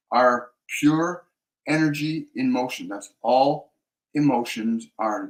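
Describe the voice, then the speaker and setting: A psychic medium hosting a live spiritual talk, answering viewer questions in a measured way and repeating key phrases for emphasis. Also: male voice, medium pitch, reverberant, low-quality recording.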